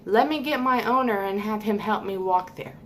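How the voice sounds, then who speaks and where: A woman's voice: mid-range voice, moderate pace, slight background noise, lightly acted. A woman voicing a talking gun that cheerfully plots, in a chirpy mock-innocent tone.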